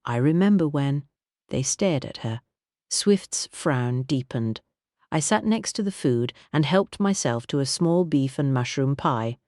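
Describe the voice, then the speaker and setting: A man reading an audiobook in a measured, wry storytelling manner. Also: a little high, darkish tone, dry recording, clean studio sound. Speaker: audiobook narrator. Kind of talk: scripted narration.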